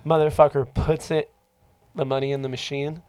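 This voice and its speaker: A man's voice: fairly high pitch, normal speed, slight background noise. A man telling a story in casual podcast talk, swearing freely and acting out the voices of the people he quotes. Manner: profane, animated, acts out quoted voices.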